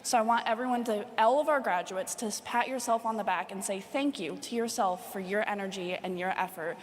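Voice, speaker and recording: A woman's voice: medium pitch, a little fast. Young woman giving a graduation speech. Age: young adult. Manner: earnest, heartfelt. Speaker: graduating student speaker. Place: large graduation hall. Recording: hall reverb, faint room noise.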